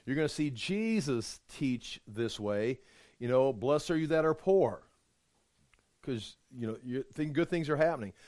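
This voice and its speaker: Man, Bible teacher, conversational sermon, emphatic, restarts often, slightly high voice, dry close recording. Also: a little mellow, dry recording. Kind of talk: informal Bible study sermon.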